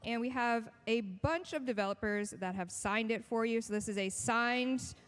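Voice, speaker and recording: An upbeat woman emcees a live stage event and keeps the show moving with a playful touch. Her voice sits a little high for a woman. She speaks with easy confidence. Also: moderate pace. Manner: upbeat, playful, running giveaways. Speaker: stage host.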